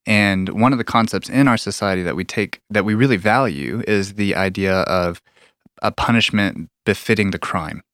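A man's voice: lowish voice, moderate pace, fairly bright tone, dry recording, studio quality. A man earnestly explaining theology in a conversational discussion, often restarting his sentences.

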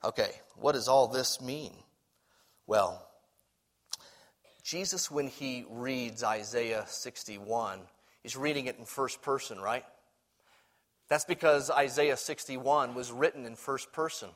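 A man preaching a sermon, animated, swinging from loud emphasis to quiet asides and sometimes repeating words as he restarts. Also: medium pitch, slow pace, long pauses.

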